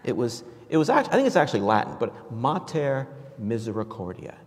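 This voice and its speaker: Reflective preacher in a reverberant church. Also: male voice, mid-range voice, huge pitch swings, fast. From New York, USA. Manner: conversational, reflective, with frequent fillers and restarts. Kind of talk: storytelling homily.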